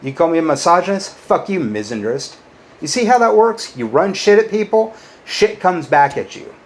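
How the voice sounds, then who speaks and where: A man ranting bitterly at his critics in a to-camera monologue, swearing often, jumping up when riled and dropping low and quiet on insults. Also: very animated, moderate pace. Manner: bitter, combative, swears a lot. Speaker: YouTuber.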